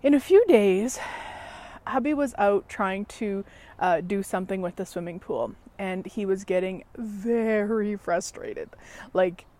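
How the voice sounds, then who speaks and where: A woman telling a story in a chatty, animated vlog from outdoors in a backyard, laughing at herself as she goes. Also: mid-range voice, unhurried. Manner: chatty, animated, self-mocking. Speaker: facilitator and show host.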